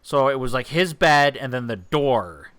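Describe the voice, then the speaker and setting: Bright, excitable man telling a story. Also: mid-range voice, a little slow, clear, resonant tone. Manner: excitable storyteller, many restarts and swearing. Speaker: let's play co-host. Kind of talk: casual gaming chat, rambling anecdote.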